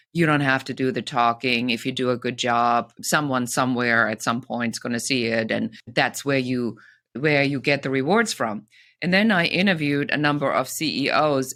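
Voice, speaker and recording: Bright-voiced woman guest telling stories. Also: a bass voice. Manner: expressive, lively storytelling. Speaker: podcast guest, business coach. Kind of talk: conversational interview.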